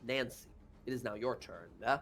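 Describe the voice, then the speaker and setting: Serving as game master for a tabletop game, a man narrates haltingly and fills his speech with fillers. His voice is medium in pitch and a bit bright.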